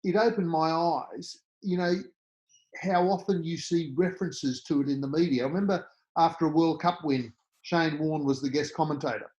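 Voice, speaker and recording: This is a middle-aged man with an Australian accent, telling stories as a guest on a podcast. His voice sits a little higher than most men's. He talks like a born raconteur, throwing himself into every voice he quotes. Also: moderate pace, darkish tone, dull audio. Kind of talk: storytelling interview.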